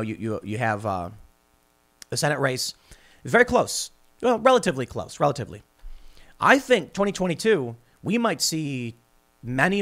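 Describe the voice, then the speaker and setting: A male podcast host with a slightly high-pitched voice talks through political commentary in an animated, sarcastic way. He stumbles over his own words, repeating them and restarting sentences as he goes. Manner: animated, sarcastic, mocks opponents in put-on voices.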